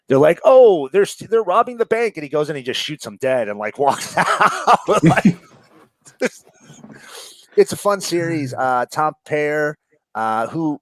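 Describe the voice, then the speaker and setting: A man's voice: fairly low pitch, no room sound, rough recording. A man from New York with a New York accent, chatting casually about comics with lots of fillers, profanity and laughter. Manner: rambling, profane, laughs often, many fillers. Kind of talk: casual chat.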